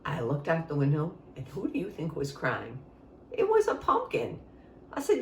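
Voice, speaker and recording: A woman music teacher tells a story to children, playful and engaging. Her pitch rises and falls animatedly, and the room echoes around her voice. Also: normal speed. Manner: expressive and playful, addresses listeners.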